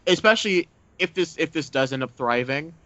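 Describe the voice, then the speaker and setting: A man's voice: a little high, animated, brisk, a bit bright, no room sound. Male podcast host, rambling chatter, dead-dry muffled sound. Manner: rambling, many fillers and restarts. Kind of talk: casual chat. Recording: dull dry mic sound.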